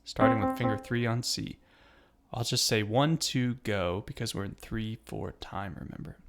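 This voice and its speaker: Patient man teaching a piano lesson. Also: on the low side. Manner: patient, encouraging, counts aloud and names notes slowly. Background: piano notes.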